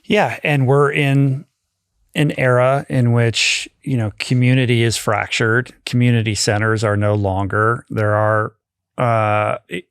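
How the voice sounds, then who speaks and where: Gravelly-voiced male podcast host. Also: mid-range voice, steady tone, a little slow, no echo, studio quality. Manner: articulate, uses elaborate vocabulary. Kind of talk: conversational interview.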